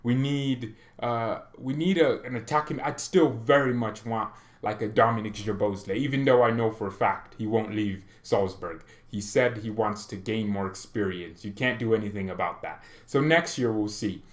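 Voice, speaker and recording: A man's voice: lowish voice, normal speed, hardly any pauses, echoey room. A man hosting a football fan channel, talking in a rambling, opinionated way, often breaking off and restarting mid-sentence. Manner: rambling, opinionated, self-interrupting. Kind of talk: casual football commentary vlog.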